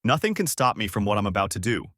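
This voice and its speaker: A man's voice: fairly low pitch, big pitch swings, fast talker, a bit bright, dry recording, studio quality. A man voicing a brutish bandit chief who mocks and threatens in a fan story reading. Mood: sneering. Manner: mocking, menacing.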